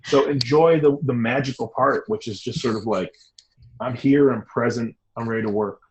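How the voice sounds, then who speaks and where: A middle-aged man talking as an interview guest, energetic and emphatic, rushing through stories and circling back. His voice sits at an ordinary middle pitch for a man. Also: low-quality recording. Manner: animated, rambling, emphatic storyteller. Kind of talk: casual interview talk.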